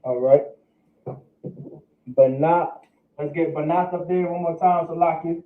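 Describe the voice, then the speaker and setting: A man teaching a class at a board, slow and patient, breaking words into syllables and repeating them. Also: a little high. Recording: echoey room over a phone-like line.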